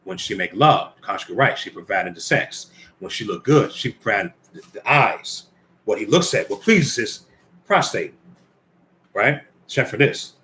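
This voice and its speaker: A man's voice: on the low side, expressive, normal speed, fairly bright tone. A man giving informal Bible teaching, reading scripture aloud and commenting conversationally while speaking directly to the brothers and ladies listening.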